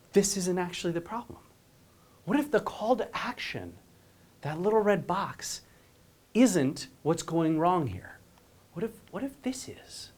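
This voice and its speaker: A man giving a conference presentation as a company CEO. He talks with energy, often asks the audience "right?" and restarts his phrases quickly. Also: high-pitched. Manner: many quick restarts and repeated words.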